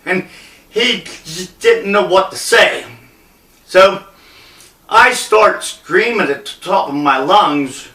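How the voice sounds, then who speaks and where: A man's voice: sits high, slow, pauses often, pushed and bright. A middle-aged man telling a personal story in a blunt, rambling, profane way. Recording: echoey room, distant mic.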